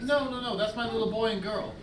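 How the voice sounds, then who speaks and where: A man's voice: very high voice, fast. A man playing a weepy, fussy divorcé. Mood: wistful. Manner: whiny, emotional. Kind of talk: live stage acting. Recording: echoey stage, distant mic, noisy audience.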